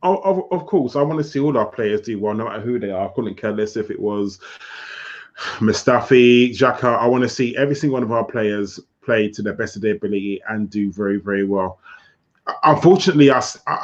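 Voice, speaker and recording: A man's voice: medium pitch, fairly quick. A man co-hosting a football podcast, giving his views in an earnest, emphatic way and often repeating himself. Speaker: podcast co-host. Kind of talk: casual football discussion. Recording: dull lo-fi sound.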